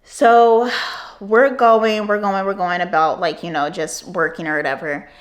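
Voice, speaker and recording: A woman's voice: medium pitch, steady tone, unhurried. A woman in her twenties telling a storytime vlog, rambling with many fillers and frequent swearing. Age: 20s. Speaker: vlogger.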